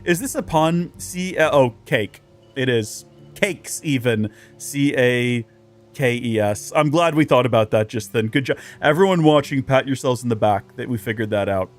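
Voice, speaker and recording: A man's voice: mid-range voice, animated, normal speed. A man doing casual let's play commentary as a streamer, chatty and rambling with jokes, faint game music behind.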